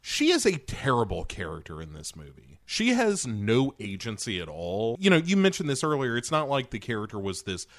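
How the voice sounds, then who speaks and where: A man's voice: mid-range voice, wildly swooping pitch, brisk, few pauses, dry recording. A man critiquing a film in a wry, joking way, laughing often and making pedantic corrections. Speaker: podcast co-host. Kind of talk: comedic movie discussion.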